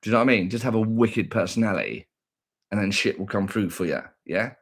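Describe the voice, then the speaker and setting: Boastful, husky-voiced man. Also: on the low side, fast talker. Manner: playful, boastful, teasing, sing-song asides. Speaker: livestream vlogger. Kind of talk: casual livestream chat.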